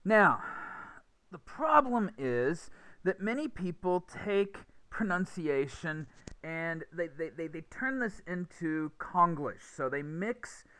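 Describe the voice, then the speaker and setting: Young guy teaching pronunciation, kinda high bright voice, explains step by step, repeats words a lot. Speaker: English teacher. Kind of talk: recorded pronunciation lesson.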